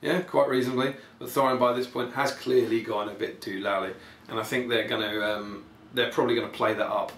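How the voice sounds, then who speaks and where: A man's voice: mid-range voice, steady tone, a little fast, hardly any pauses, a bit bright. A man hosting a podcast, giving casual, rambling and enthusiastic commentary full of ums. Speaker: podcast host. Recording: echoey room, faint background noise.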